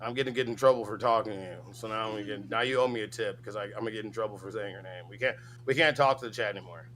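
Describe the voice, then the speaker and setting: Man co-host, bright tone, rambly, jokey, swears a lot. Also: on the low side, rapid-fire, slight background noise. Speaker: stream co-host. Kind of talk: casual livestream chat.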